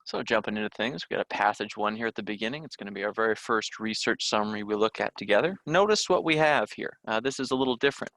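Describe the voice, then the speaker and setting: A man with a bright, forward voice walks students through test questions in a relaxed, conversational lesson. He talks with many fillers and restarts. The sound is dry and close, with no room echo. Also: fairly low pitch, quick pace, few pauses. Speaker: teacher. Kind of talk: recorded test-prep lesson.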